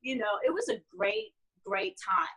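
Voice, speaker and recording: A woman in her forties, an actress guest in a casual interview, telling animated stories with frequent laughter. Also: very high voice, measured pace, vocal fry, a little hiss or hum, low-quality recording.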